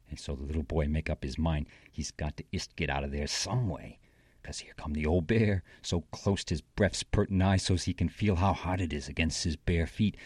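A man's voice: a bass voice, a little mellow, no room sound, clean studio sound. A man recites a folksy tale in dialect, rambling and correcting himself like a child telling a story.

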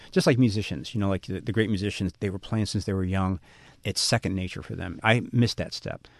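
A middle-aged man with a low voice talks fast in a radio interview. He muses and runs himself down, restarting his sentences as he thinks. His voice sounds dry and close to the mic. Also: a little mellow, no room sound. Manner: self-deprecating, musing, many restarts. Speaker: guest author.

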